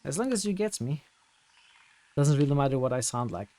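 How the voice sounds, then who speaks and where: A man with a Turkish accent talks casually over his gameplay, reading chat and thinking aloud with plenty of halting fillers. His pitch sits mid-range. The sound is close and dry, with no room around it. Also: animated, mellow, no room sound, faint music behind. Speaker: streamer.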